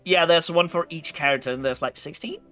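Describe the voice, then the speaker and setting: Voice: medium pitch, fairly quick, sharp tone. A stream host reading game event text aloud and thinking aloud while playing a card game with friends, with faint music behind.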